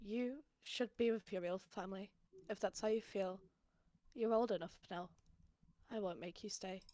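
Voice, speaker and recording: A woman voicing a guilty, tender foster mother cat in a roleplay, speaking softly and haltingly. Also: mid-range voice, no echo, lightly acted. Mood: sorrowful. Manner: soft, hushed, halting. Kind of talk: voice-acted roleplay.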